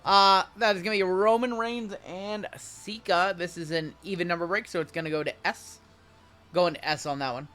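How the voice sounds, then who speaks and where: A man's voice: high voice, steady tone, normal speed, pushed and bright, faint music behind. A man hosting a live card break, chatting with viewers as he calls out cards and spots. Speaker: sports card break host.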